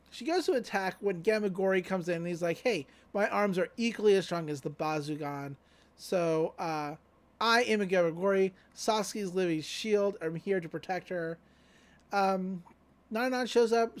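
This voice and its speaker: A podcast co-host casually retelling an anime episode, laid-back and loose with lots of fillers and offhand paraphrased quotes. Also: mid-range voice. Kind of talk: casual recap chat.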